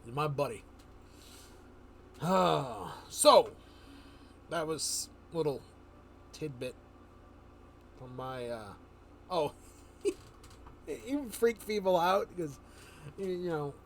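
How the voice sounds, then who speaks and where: A man's voice: on the high side, expressive, takes it slowly, creaky, long pauses, fairly bright tone, slight background noise. A man streaming live, telling a rambling story in casual chat, often chuckling and restarting his sentences.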